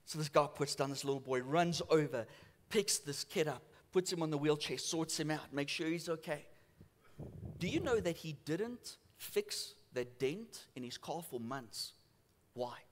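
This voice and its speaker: A man preaching a sermon as a church pastor, telling stories and swinging from loud to hushed. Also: on the high side, animated, normal speed. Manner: storytelling, acts out voices in quotes, swings from loud to hushed.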